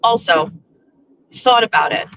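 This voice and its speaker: A woman's voice: on the high side, lively intonation, unhurried, vocal fry, noisy background. A woman hosting a casual livestream from her car while driving, chatting in a rambling way with restarts and laughs. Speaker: livestream host. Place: in a car on the road.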